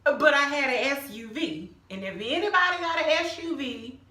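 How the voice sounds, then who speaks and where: A middle-aged woman, telling a personal church testimony in an emphatic, animated way and calling her viewers "y'all". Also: high voice, moderate pace, roomy sound. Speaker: vlogger sharing a personal testimony. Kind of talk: casual storytelling testimony.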